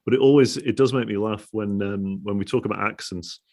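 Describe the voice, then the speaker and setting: A man's voice: on the low side, a little fast, a little mellow. A man hosting an interview, talking casually with many restarts and laughs. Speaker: podcast host.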